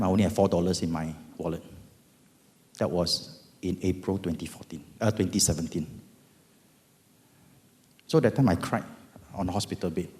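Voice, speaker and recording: A middle-aged man with a Singaporean accent giving a dramatic, animated testimony at an event. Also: deep voice. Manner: animated, dramatic, bursts of loud emphasis. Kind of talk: storytelling testimony talk. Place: event hall. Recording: long hall reverb.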